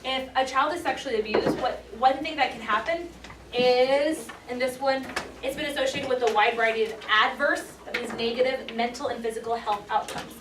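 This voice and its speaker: A woman's voice: high voice, fairly even intonation, fairly quick. A woman teaching a class, upbeat and encouraging, playfully hyping the lesson. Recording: echoey room, mic far off, noisy.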